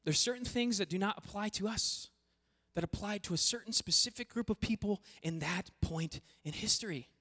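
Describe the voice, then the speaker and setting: A pastor preaching a sermon to a congregation, talking animatedly and swinging between quiet passages and loud emphatic bursts. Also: medium pitch, moderate pace. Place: church hall before a congregation. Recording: long echoey hall reverb.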